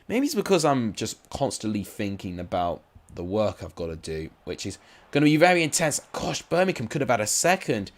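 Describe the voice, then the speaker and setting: A man gives casual live-stream commentary on simulated football matches, chatting and rambling with asides to his viewers. His voice is lowish.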